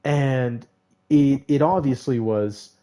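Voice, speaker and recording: A young man tells casual stories on a stream, his voice mellow and warm at a middle pitch. He talks in an animated way, laughing as he goes, and jumps into high squeaky outbursts when quoting himself. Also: slow. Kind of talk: casual storytelling.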